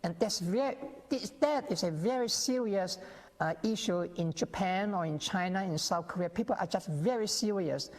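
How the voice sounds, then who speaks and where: Speaking at a moderate pace in a high-pitched voice, a male scholar being interviewed on a TV set explains his positions. He often restarts and performs quotes, and his voice has long reverb.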